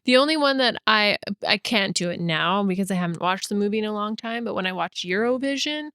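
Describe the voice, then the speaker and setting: A woman's voice: medium pitch, expressive, a bit bright, clear, resonant tone, no room sound, studio quality. Giggly woman in casual podcast chat. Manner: giggly, halting with many fillers. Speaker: podcast co-host.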